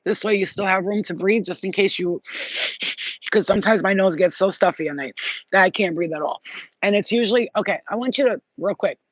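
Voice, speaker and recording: A man's voice: high-pitched, brisk, no echo, lo-fi sound. A man hosting a spiritual livestream in casual chat, effusive and rambling, swearing freely.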